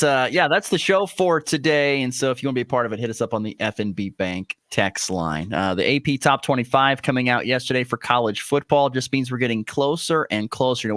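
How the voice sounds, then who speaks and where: A man hosting a morning sports radio show from a studio, talking casually with lots of "uh" fillers and lively pitch swings. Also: no echo. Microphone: studio microphone.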